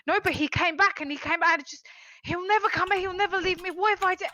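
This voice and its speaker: A woman voicing a grieving older male dwarf who helps at a temple. He talks in halting, stammering bursts and keeps repeating himself. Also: on the high side, sharp tone. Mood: distraught. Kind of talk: tabletop role-play voicing.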